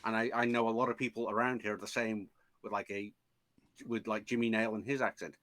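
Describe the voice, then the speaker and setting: A man's voice: fairly low pitch, little pitch movement, a little fast, fairly bright tone, dry recording. Liverpool-born man chatting on a podcast. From England. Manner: chatty, explains with examples, many restarts. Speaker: podcast guest. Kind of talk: casual chat.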